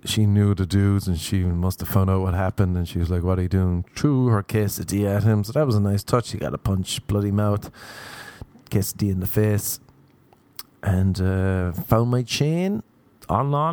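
A young man with an Irish accent spins a crude, rambling story in a deadpan delivery. His voice sits on the low side and sounds dry and close, with little room around it. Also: no echo. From Ireland. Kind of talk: storytelling monologue.

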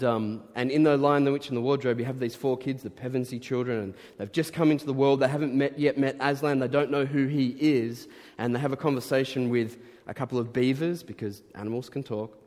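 A man's voice: medium pitch, fairly even intonation, a little fast, a little mellow. A man preaching a sermon in a chatty, playfully self-deprecating way. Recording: long reverb in large hall.

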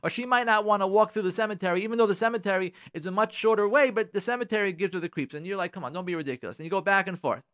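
An emphatic man talks quickly in a high voice on a radio show, repeating his points. The studio sound is dry and close. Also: a bit bright, clear, resonant tone, no echo. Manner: emphatic, repeats phrases, acts out quoted thoughts. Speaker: radio host giving marriage advice. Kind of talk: animated radio monologue.

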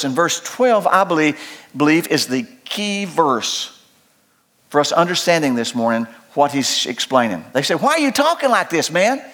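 An older pastor preaches in a folksy, joking way. His voice sits high for a man. He rises into loud preaching and drops into quiet asides. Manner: folksy and humorous, swings between loud preaching and low asides. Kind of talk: sermon.

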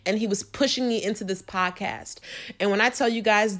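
A woman's voice: mid-range voice, moderate pace, fairly bright tone. A young woman hosting a podcast, talking earnestly and emotionally about faith straight to her listeners. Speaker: podcast host. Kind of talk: heartfelt faith talk.

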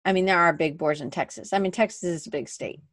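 A woman podcast host runs a casual livestream from her desk through a webcam mic, chatting rambly, often restarting sentences and moving around at her desk. Her voice is lowish and quick, with dry, clean studio sound.

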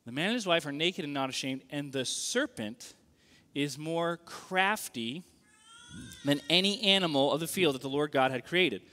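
A man delivers a sermon with a fairly high voice that leaps and swoops in pitch. He talks in a casual, animated way and keeps checking in with his listeners. The sound carries the long reverb of a large hall. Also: normal speed. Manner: animated, conversational, asks the audience questions. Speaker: pastor.

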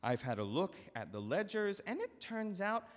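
A man voicing a powerful, shrewd master who speaks slowly and deliberately, in a long church reverb. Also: high-pitched, big pitch swings, pitched above the performer's own voice. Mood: measured. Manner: slow, measured, deliberate. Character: shrewd, powerful male master, calm and wry.

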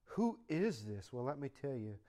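A male pastor preaching a sermon, swinging from loud, emphatic lines to soft, conversational asides in short repeated phrases. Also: medium pitch, sing-song, moderate pace.

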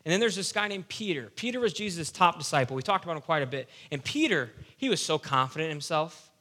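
A young man preaching a casual, animated sermon with playful asides. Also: on the high side, fast. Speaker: youth pastor.

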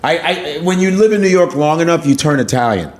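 A male stand-up comic spinning loose, profane stories in a casual conversation. His voice sits a little high for a man, and he jumps into the voices of the people he is describing. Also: lively intonation, fast talker. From United States. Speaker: stand-up comedian guest. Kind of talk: casual storytelling chat.

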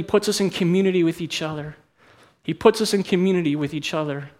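A middle-aged male pastor with a notably high speaking voice delivers a sermon. He talks candidly and conversationally and pokes fun at himself as he moves from personal anecdote to scripture. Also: quick pace, darkish tone. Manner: candid, conversational, self-deprecating.

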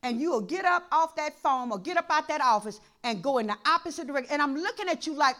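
A woman pastor preaching a sermon in a church, impassioned and repetitive, dropping to a hush and then rising to shouts. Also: sits high, animated, fast talker, few pauses. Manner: impassioned, repeats phrases, swings from hushed to shouting.

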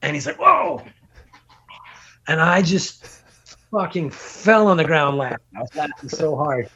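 A middle-aged man, a podcast guest, telling a long road story in casual, animated talk, swearing and laughing as he goes. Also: fairly high pitch, moderate pace, slightly rough. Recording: dull lo-fi podcast audio.

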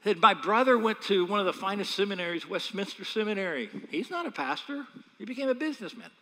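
A man, a pastor, preaching a sermon with animated, humorous storytelling. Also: high voice, fast talker, in a large hall.

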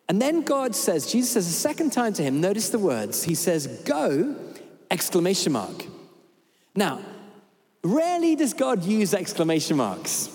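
A man preaching a sermon. He is animated and humorous and acts out bits of dialogue. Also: sits high, normal speed. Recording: reverberant church hall.

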